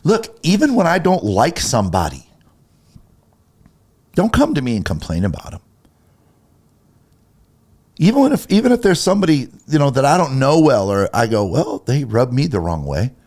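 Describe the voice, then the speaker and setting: A man's voice: a little high, wildly swooping pitch, moderate pace, pauses often, darkish tone. A man co-hosting a Christian talk show, getting heated and emphatic as he acts out little quoted conversations. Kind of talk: casual faith talk, preachy.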